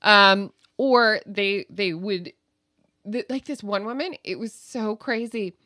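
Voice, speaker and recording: A woman comedian tells a story in an interview, animated and laughing easily. She acts out the people in it with quick voices. The sound is dry, with no room echo. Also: medium pitch. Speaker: comedian guest.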